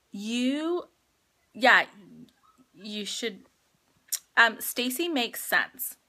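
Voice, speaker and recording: A woman in her thirties hosting a casual live stream from home on a handheld phone, chatty and quick to laugh, with lots of fillers. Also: a little high, sharp tone. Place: at home indoors.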